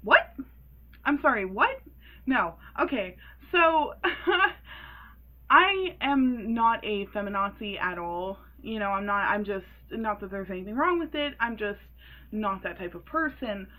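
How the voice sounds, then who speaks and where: A woman in her early twenties telling a story in a casual vlog, animated and sassy, laughing often. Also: medium pitch, a little slow, rough recording. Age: 20s. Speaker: vlogger.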